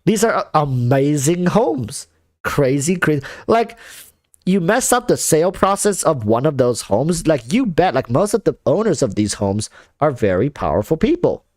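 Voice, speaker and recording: A man's voice: on the high side, sing-song, normal speed, dry recording, studio quality. A man chatting casually on a livestream, rambling with lots of fillers and restarts, reading viewer comments. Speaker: streamer.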